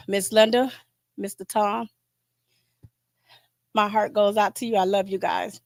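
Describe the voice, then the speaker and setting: A woman speaks at a memorial in a heartfelt, informal way, stopping and restarting as she goes. Her voice sits at an ordinary middle pitch and the sound is close and dry. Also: no echo. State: choked up, near tears. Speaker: aunt giving a memorial tribute. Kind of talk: emotional memorial speech.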